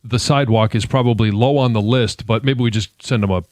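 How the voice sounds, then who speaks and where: A male radio co-host in casual banter, rambling and restarting his sentences. His voice sits at an ordinary middle pitch. It is recorded dry on a close studio mic. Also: fairly even intonation, fairly quick, darkish tone, no room sound. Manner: rambling, restarts and self-corrections.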